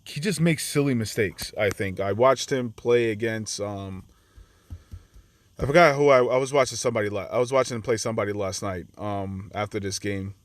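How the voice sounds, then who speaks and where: A man's voice: on the low side, moderate pace, dry recording. A man giving casual, chatty commentary over his own card game match, acting out his reactions to his opponent's moves. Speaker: gaming channel host.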